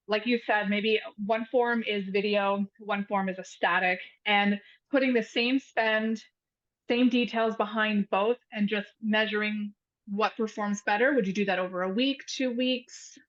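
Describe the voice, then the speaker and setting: A woman hosting a podcast interview, upbeat and chatty, quick to laugh as she asks questions. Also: mid-range voice, a bit bright, highs cut off. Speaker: podcast host. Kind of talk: casual interview chat.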